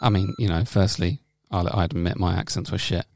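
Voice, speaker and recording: Man, podcast co-host, gravelly voice, sweary, wry, dry close sound. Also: sits low, steady tone, a little fast, a little mellow, dry recording. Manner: sweary, wry, self-deprecating. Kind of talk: casual banter, reading a letter aloud.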